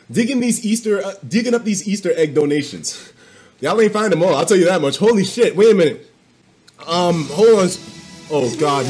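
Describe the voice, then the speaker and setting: A man live-streaming and reacting to donations in a casual, profane, excitable way, often bursting into shouts, recorded at home on a desktop mic. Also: high-pitched. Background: faint music.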